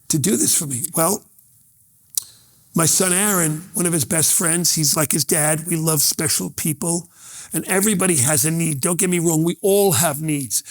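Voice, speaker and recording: A middle-aged man delivers a motivational keynote in a somewhat high voice. He tells personal stories, slips into the voices of the people in them, and drives his message home by repeating it. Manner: storytelling, acts out quoted voices, emphatic repetition. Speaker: motivational speaker.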